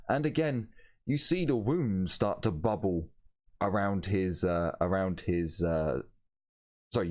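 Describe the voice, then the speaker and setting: Deep-voiced man running a tabletop game. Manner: relaxed, rambling, self-correcting. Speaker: game master.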